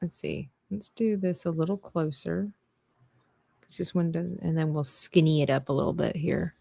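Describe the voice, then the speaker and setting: A woman's voice: sits low, fairly even intonation, normal speed, creaky, mellow, no room sound. A woman hosting a live drawing stream, chatting playfully and thinking aloud as she works. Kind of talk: casual chat while drawing.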